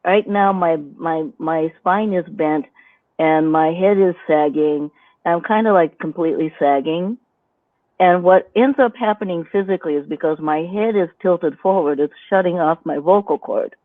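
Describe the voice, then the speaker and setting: A woman's voice: lowish voice, normal speed. Woman teaching over a tinny line. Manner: demonstrative, explains by acting out voices. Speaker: guest instructor. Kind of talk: instructional live-stream chat. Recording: dry, phone-like line.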